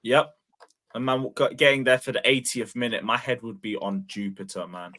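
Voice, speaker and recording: A young man hosting a casual football chat, who sounds animated, laughs easily and uses slang. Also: medium pitch, normal speed. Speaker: host.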